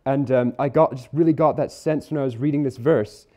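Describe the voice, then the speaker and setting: A man preaching a sermon at church, earnest and conversational, slowing down to stress key words. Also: medium pitch, fairly even intonation, dark tone. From Isle of Man or UK. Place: church hall.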